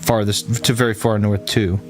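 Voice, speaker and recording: A man's voice: lowish voice, little pitch movement, moderate pace, music in the background. A man from Texas, a streamer rambling and thinking aloud in casual chat with his viewers.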